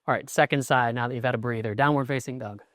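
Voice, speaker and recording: A man's voice: medium pitch, fairly even intonation, fast, a bit bright, no room sound, clean studio sound. A middle-aged man teaching a yoga class, cueing poses in short instructions with an encouraging, chatty manner.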